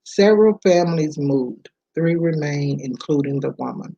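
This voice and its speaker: A woman reading a self-help book aloud, unhurried, with casual asides between passages. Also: sits low, mellow, husky, no echo, highs cut off. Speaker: book reader.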